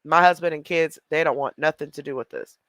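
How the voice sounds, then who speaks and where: A woman's voice: low voice, fairly quick, fairly bright tone, no echo. A woman giving blunt, mocking reaction commentary on a livestream.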